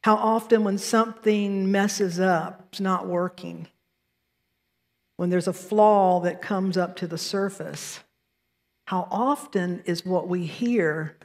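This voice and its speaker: A woman's voice: on the low side, steady tone, slow, a little mellow, long reverb tail. A woman minister with a Southern American accent, delivering a sermon with storytelling and self-deprecating asides. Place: church sanctuary.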